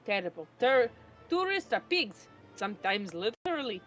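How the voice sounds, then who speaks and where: A woman voicing a vain, touchy male photographer from a game with a put-on Italian accent and a lively, indignant delivery. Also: a little high, normal speed, soft background music. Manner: indignant and boastful. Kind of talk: reading a game aloud on stream.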